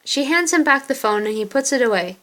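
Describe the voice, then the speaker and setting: A woman narrates a story game in a plain, steady read. Her voice sits a little high. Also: a little fast. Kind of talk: fan reading of a story game.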